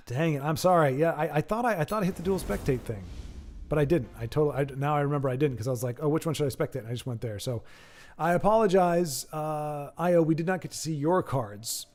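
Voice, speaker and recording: A man's voice: on the high side, fairly quick, a little mellow. A man giving casual, self-deprecating live-stream commentary on a card game match. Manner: rambling, self-deprecating, joking. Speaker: streamer and caster.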